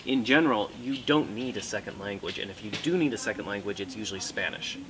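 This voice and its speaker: A man with an American accent, answering interview questions in a relaxed, chatty way with playful asides. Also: fairly low pitch, fast. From United States. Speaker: guest author. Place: book fair. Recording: noisy book fair.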